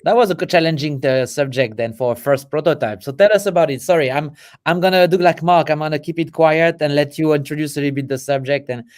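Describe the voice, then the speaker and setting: A chatty man with a French accent and a slightly high voice co-hosts a relaxed livestream. He talks freely, restarting and correcting himself as he goes. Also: quick pace. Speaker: co-host. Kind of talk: casual livestream chat.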